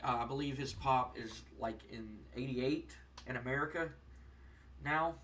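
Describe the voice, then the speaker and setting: Excitable young man, a bit off-mic. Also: mid-range voice, unhurried, recorded from a distance, slight background noise. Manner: excitable, rambling, many fillers. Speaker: gaming channel host. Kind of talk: casual let's-play commentary.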